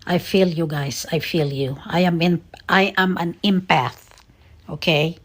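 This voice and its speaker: An American woman speaks to her viewers in a low, slow voice. She sounds sad and earnest, stumbling through fillers and seeming near tears. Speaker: vlogger. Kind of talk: casual emotional monologue to viewers.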